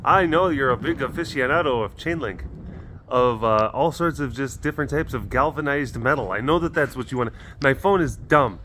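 A man hosting a casual walkaround vlog at a big cat rescue, chatting, laughing often and cooing softly to the cats. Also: medium pitch, moderate pace, slight background noise. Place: outdoors at an animal compound.

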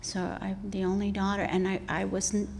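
A woman's voice: mid-range voice, monotone, normal speed, slight background noise. A woman in her sixties, an author guest, telling a personal story in an earnest, reflective conversational way. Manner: earnest and reflective, drops to soft breathy asides.

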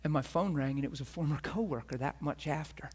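A man's voice: on the high side, fast talker, darkish tone, slightly rough. A middle-aged man preaching a sermon as a pastor, telling a personal story earnestly and acting out the voices of the people in it.

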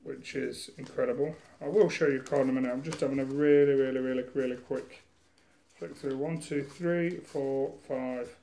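A man's voice: mid-range voice, steady tone, moderate pace, gravelly, mellow, a little hiss or hum. A man chatting casually through a game unboxing at home, rambling, self-mocking and swearing, recorded on a camera mic. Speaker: gaming vlogger.

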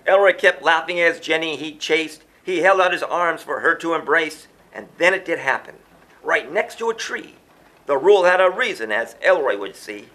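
Guy reading a rhyming kids book, sing-songy, bright voice, pitch all over the place. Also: moderate pace. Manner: sing-song, animated reading with chanted refrains. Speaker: storyteller reading a children's book. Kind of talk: rhyming storybook read-aloud.

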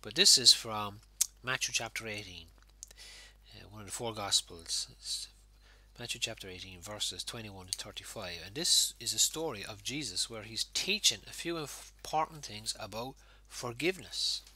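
A man's voice: on the low side, moderate pace, hardly any pauses, pushed and bright, breathy edge. A man with an Irish accent, a pastor giving an informal home worship sermon in a conversational way with fillers.

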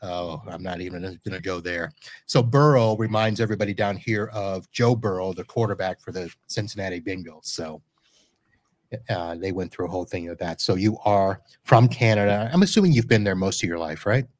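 A man's voice: sits low, fairly quick, darkish tone, no echo. A man hosting a live podcast, chatting casually with a guest and joking as he corrects himself. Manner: chatty, jokey, self-correcting. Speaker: podcast host. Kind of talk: casual interview chat. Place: Florida home studio.

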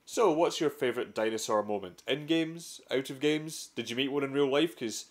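A man's voice: mid-range voice, moderate pace. A young Scottish man hosting a comedic gaming vlog, telling stories dramatically and swearing freely. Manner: profane, dramatic storytelling with sudden outbursts. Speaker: gaming vlogger. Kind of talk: comedic scripted vlog narration.

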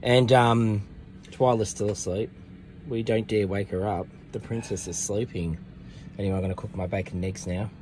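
A man's voice: lowish voice, fairly even intonation, moderate pace, darkish tone, slight background noise. A man with an Australian accent chatting casually to a handheld camera while camping in a van, laughing often and talking to his dog. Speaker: vlogger. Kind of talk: casual vlog chat. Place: camper van and campground.

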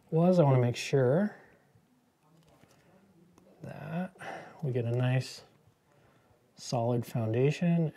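Mellow-voiced man joking while painting. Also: mid-range voice. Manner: joking, rambling into movie tangents. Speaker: miniature painter hosting a painting stream. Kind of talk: casual painting demo chat.

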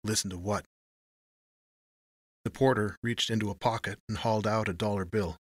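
A man narrating a noir short story in measured, even storytelling. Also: lowish voice, dry recording, clean studio sound.

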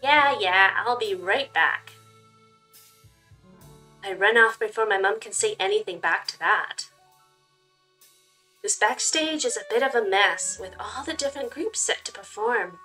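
A woman's voice: mid-range voice, moderate pace, pushed and bright, faint music behind. A young woman hosting a game playthrough, chatting casually and reading aloud in a giggly way, full of likes and you-knows. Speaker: gaming channel host.

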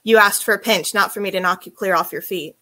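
A woman voicing a seductive, tender and teasing adult man, speaking in a soft, husky murmur as she reads her book aloud. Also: mid-range voice, quick pace, lightly acted. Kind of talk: audiobook-style reading.

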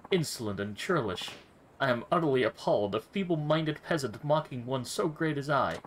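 A man's voice: medium pitch, lively intonation, normal speed, slight background noise, close to an everyday voice, rough recording. A man voicing a pompous male nobleman in his thirties who speaks with haughty, florid insults.

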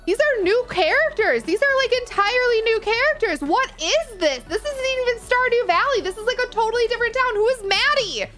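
A woman giving live reaction commentary as a gaming streamer, excitable and gushing, full of exclamations. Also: extremely high pitch, fairly quick, hardly any pauses, soft background music.

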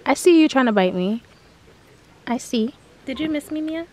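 A woman's voice: sits high, expressive, normal speed, mellow, a little hiss or hum, low-quality recording. A woman in her twenties from Jamaica, chatting casually to camera in a vlog. She laughs often and coos at pets. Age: 20s. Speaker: vlogger. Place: in a car, then outdoors at a family home.

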